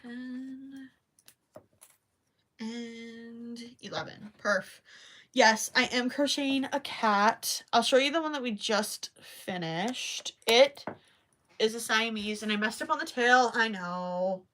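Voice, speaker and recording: A young woman with a bright, slightly high voice chats on a home crochet livestream. She is talkative and giggly, reads viewer comments aloud and murmurs her stitch counts as she works. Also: unhurried. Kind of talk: casual livestream chat while crocheting.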